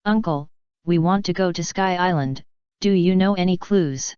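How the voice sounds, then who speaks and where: A woman's voice: on the low side, normal speed, a little mellow, clear, resonant tone, no echo, natural voice. A woman voicing a hot-tempered young female navigator in an urgent manner. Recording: dry, slightly dull recording.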